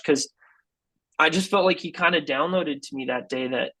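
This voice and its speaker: A man's voice: fairly high pitch, normal speed, bright, forceful tone, rough recording. A man guest on a podcast telling a personal story in a casual, earnest way, often saying "dude" and "like.". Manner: acts out quoted people in his story. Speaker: guest musician.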